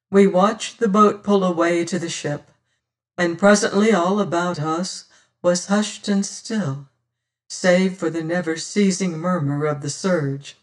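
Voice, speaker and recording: An audiobook narrator reading a first-person period tale in measured, old-fashioned phrasing. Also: medium pitch.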